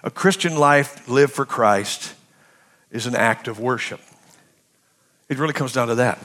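A man preaching a sermon as pastor, swinging between impassioned shouting and quiet, hushed passages. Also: medium pitch, unhurried. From United States.

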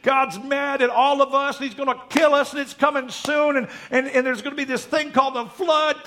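A man's voice: extremely high pitch, fairly even intonation, a little fast, pushed and bright, slight background noise, voice pushed up. A man voicing a frightened little boy in a sermon story, whiny and breathless. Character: scared crying little boy.

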